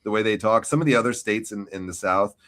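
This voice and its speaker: A man's voice: on the low side, quick pace, a bit bright. A man with a New York accent, hosting a casual wrestling podcast and telling stories full of swearing. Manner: profane, storytelling. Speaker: podcast host.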